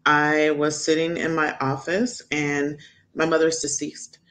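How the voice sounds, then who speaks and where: A middle-aged woman doctor, a podcast guest, telling a personal story frankly and animatedly, jumping up in pitch as she quotes others. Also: a little slow. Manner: animated, acts out quoted people with sudden high pitch; frank, candid.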